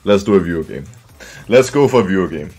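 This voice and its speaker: Man, deep low voice, live game streamer, excitable, chats to viewers, faint music behind. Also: fast. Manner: excitable, laughing, talks to chat. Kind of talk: casual live game commentary.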